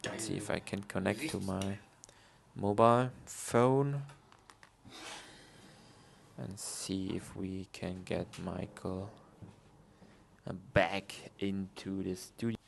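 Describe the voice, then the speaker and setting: Slow, gravelly-voiced man co-hosting a podcast. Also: sits low, fairly even intonation, background noise. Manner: chatty, laughs off technical trouble. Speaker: podcast co-host. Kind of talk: casual podcast chat. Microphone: online call setup.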